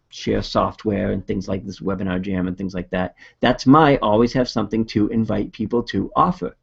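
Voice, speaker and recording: Gravelly Boston man giving a webinar. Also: lowish voice, darkish tone, muffled recording. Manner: casual, upbeat coaching talk with fillers. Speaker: video marketing presenter. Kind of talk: webinar presentation.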